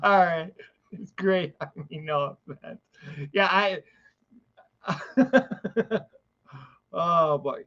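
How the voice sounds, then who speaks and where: A man hosting a casual live chat, excitable and quick to laugh, stumbling and repeating his words. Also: high-pitched, highs cut off. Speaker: podcast host.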